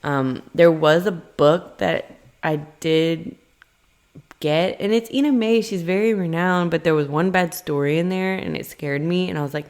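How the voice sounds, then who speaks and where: A woman's voice: unhurried, clean tone. Chatty woman telling a personal story. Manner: chatty, animated, acts out quotes in a high voice. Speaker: vlogger. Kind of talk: casual storytelling.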